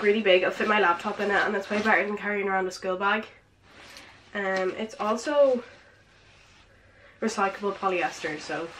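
A woman's voice: mid-range voice, a bit bright. Young woman, teens, casual haul vlog, short of breath, filler-heavy, background noise. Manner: chatty, filler-heavy, lots of "like" and "um". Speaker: vlogger. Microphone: camera with ring light.

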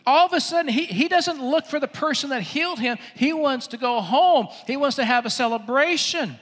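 A male pastor preaching a sermon, telling a Bible story in an animated way and acting out its scenes. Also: extremely high pitch, brisk. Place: church. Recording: echoey hall.

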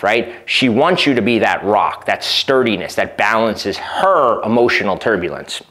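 A man's voice: mid-range voice, a bit bright. Conversational male dating coach. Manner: conversational, often asks "right?", acts out quoted exchanges. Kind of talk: advice talk to camera.

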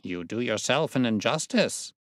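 A man reading a storybook voicing a sharp, amused male detective who explains his reasoning precisely. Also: medium pitch, animated, moderate pace, no room sound, clean studio sound, lightly acted. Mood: amused, explaining. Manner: precise, explanatory, lightly teasing. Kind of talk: audiobook reading.

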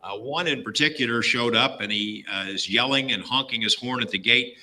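Man, middle-aged, rambling storyteller, lots of ums, very bright tone. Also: medium pitch, fairly quick, few pauses, poor audio. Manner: rambling, filler-heavy retelling with acted-out quotes. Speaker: guest storyteller. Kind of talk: casual spoken storytelling.

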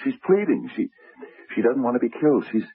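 A man's voice: mid-range voice, expressive, fairly quick, gravelly, slightly rough, heavily acted. An actor playing a frightened, bewildered middle-aged man who stammers and mutters to himself in a 1970s radio drama. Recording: tinny old radio broadcast.

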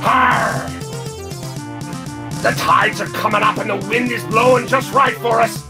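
A man voicing a rowdy male pirate captain who loudly rallies his crew. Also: very high-pitched, fairly even intonation, unhurried, reverberant, over music. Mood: rallying. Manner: loud, hearty, hollering.

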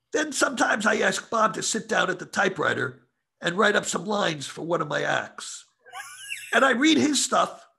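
A blunt sixty-year-old showbiz manager speaks, as a man does his impression. He is raised in pitch and loud, with a gravelly, husky edge. His talk is emphatic and excited. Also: heavily acted.

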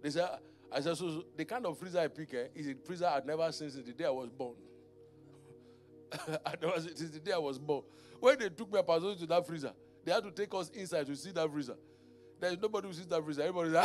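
High-voiced preacher telling a story. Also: male voice, a little fast, faint music behind. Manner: storytelling preacher, rising to shouted prayer in tongues. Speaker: pastor. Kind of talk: sermon.

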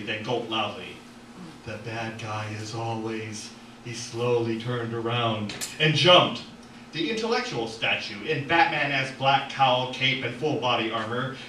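Animated man reading his own novel aloud. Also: medium pitch, a little hiss or hum. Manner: animated, with asides and self-corrections. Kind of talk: dramatic reading at an open mic. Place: art gallery. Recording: echoey gallery from far off.

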